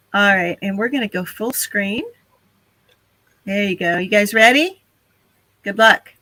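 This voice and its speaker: A woman's voice: mid-range voice, slow, pauses often, bright, forceful tone, no echo, low-quality recording. A woman hosting a casual live stream, chatty and laughing often as she talks to her viewers.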